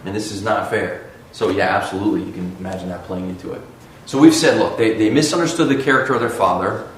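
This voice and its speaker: A man's voice: medium pitch, a bit bright. A man leading a Sunday school discussion in a conversational, emphatic way with frequent restarts. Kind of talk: discussion-led Bible class. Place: church classroom. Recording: echoey room, faint background noise.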